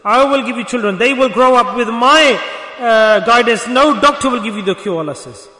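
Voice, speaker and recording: High-voiced preacher man in echoey hall. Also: normal speed, sharp tone. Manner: exhorting, rhetorical questions to the congregation. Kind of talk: sermon.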